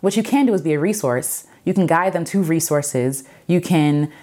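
A woman sharing her own story in an earnest, reflective way, with many fillers and repeated phrases, and gentle pleading advice. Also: low voice, lively intonation, normal speed. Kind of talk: personal testimony to camera.

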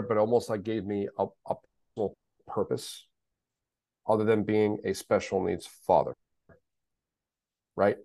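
A man's voice: on the low side, mellow, no echo. A middle-aged man, a guest on a podcast, talking candidly and emphatically, repeating himself and swearing now and then. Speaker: podcast guest, special needs father. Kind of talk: candid conversational interview.

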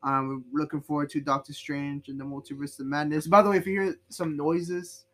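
A man's voice: on the high side, level tone, a little fast, a bit bright. A man chatting casually and rambling a bit, swearing now and then. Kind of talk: casual chat.

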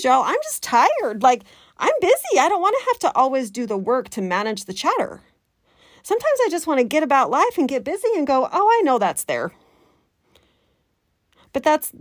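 A woman life coach, talking to her listeners in a chatty, animated way and slipping into the voice of her inner critic. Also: fairly high pitch, dry recording, studio quality. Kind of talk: coaching podcast talk.

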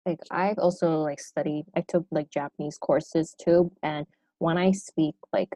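A woman's voice: low voice, fairly even intonation, measured pace, mellow, no room sound, low-quality recording. A woman with an American accent, co-hosting a podcast in casual chat, reflective and winding, often restarting her sentences. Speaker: podcast co-host.

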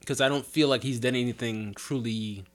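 A man in a casual book discussion, lively and quick to chime in with agreement. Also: medium pitch. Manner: lively, frequent agreeing interjections. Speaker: book club member.

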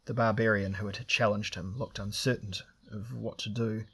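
This is audiobook narration of a fantasy story by a man with a lowish, fairly even voice at normal speed, a bit bright with a breathy edge. He raises his voice when reading the characters' lines.

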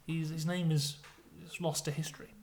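A man telling an absurd story in a deadpan, mock-serious way, with ums and uhs. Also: a little high, brisk, slight background noise. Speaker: podcast co-host, storyteller.

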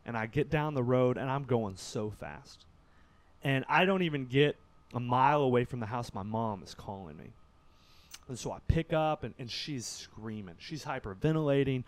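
In a dry recording, a man from Kentucky guests on a podcast and tells an expressive, brisk story in casual conversation. He jumps from loud bursts to hushed, low stretches.

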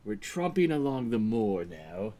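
A podcast co-host improvising a comedy scene in a hesitant, halting way. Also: medium pitch, big pitch swings, dark tone. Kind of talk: casual improv chat.

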